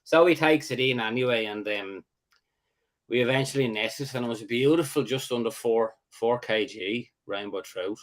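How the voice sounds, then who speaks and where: Man, casual storytelling chat, halting restarts, gets animated. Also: mid-range voice. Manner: rambling, halting, animated when excited. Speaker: angler host.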